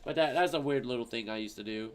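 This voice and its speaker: A man streaming, chatting casually and reading out viewer comments in an animated, rambling, profane way. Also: medium pitch, quick pace, clean tone.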